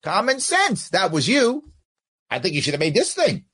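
Sarcastic commentator guy, kinda husky, voice bouncing all over as he mocks the clip. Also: a little high, big pitch swings, normal speed, a bit bright. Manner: sarcastic, argues back at the clip. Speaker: political commentator.

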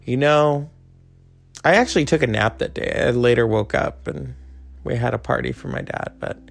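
A man's voice: mid-range voice, moderate pace, vocal fry, dry recording. A man hosting a podcast, chatting in a loose, joking monologue that wanders from tangent to tangent. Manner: rambling, joking, full of tangents. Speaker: podcast host. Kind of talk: casual comic monologue.

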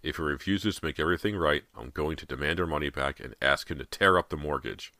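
Rattled insistent father in a horror audiobook, very deep voice, bright edge, read by a male narrator. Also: fast talker, dry recording, clean studio sound, full character voice. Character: shaken, frantic middle-aged father.

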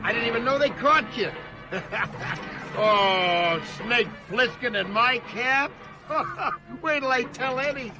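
A man's voice: very high voice, slow pace, low-quality recording. An actor playing a cheerful, talkative older male cab driver who laughs often, heard as a film clip. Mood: jolly. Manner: laughing, garrulous, folksy. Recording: film clip with music underneath.

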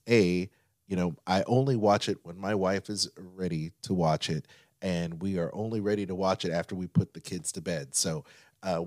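A man in his thirties, co-hosting a chatty podcast, telling stories with excitement and acting out quotes. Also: low-pitched, dry recording, studio quality. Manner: excited storytelling, acts out quotes. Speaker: podcast co-host. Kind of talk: casual chat.

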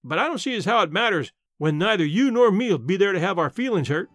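A man reading the part of a blunt, plainspoken elderly aunt who talks in a sharp, matter-of-fact and grumbling way. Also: high voice, expressive, fast, no echo, clean studio sound, faint music behind. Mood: blunt, sardonic.

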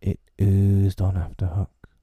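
Slow, dark-toned male narrator for a storybook reading; husky, dry close sound. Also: low-pitched, flat delivery, dry recording.

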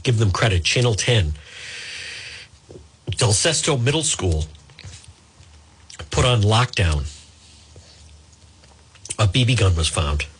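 A man's voice: fairly low pitch, expressive, slow pace, pauses often, a little hiss or hum. A male radio host, chatting live on air while fighting hiccups and apologizing with self-mocking humor. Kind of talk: live talk radio, casual.

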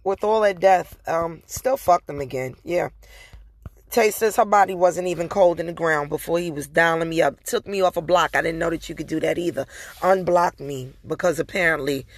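A woman's voice: fairly low pitch, fairly quick, dry recording. A woman hosting her own podcast, telling a personal story in a candid, profane, casual way and addressing her listeners directly. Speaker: podcast host.

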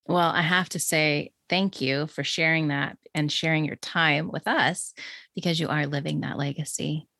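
A woman's voice: low voice, steady tone, normal speed, creaky, no echo, studio quality. A woman hosting a podcast interview, affirming and grateful toward her guest. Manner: warm, affirming. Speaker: podcast host. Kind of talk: interview conversation.

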